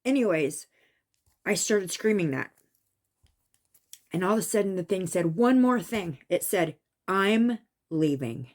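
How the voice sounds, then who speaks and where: Woman vlogger, casual storytelling, emphatic, mid-pitched. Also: a little slow, long pauses. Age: adult with a son. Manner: animated, emphatic, raising voice at tense moments. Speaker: vlogger recounting a psychic experience.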